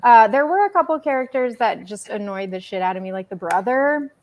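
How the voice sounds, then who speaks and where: A woman co-hosting a movie podcast, talking casually, lively and swearing freely. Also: a little high, a little fast. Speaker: podcast co-host. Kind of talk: casual chat.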